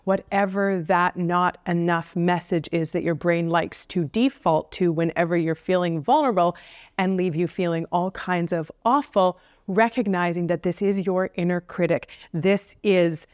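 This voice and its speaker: A woman counsellor giving casual advice straight to camera, playful, with joking asides and slower stresses on key points. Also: lowish voice, a little mellow, no echo, studio quality.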